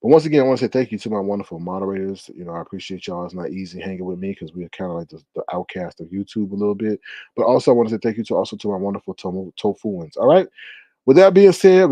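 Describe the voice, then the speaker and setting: Lively chatty man host on a livestream. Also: on the low side, very fast, dry recording. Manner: chatty, laughing, talks straight to viewers as y'all. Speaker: YouTube commentary host. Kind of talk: casual livestream gossip commentary.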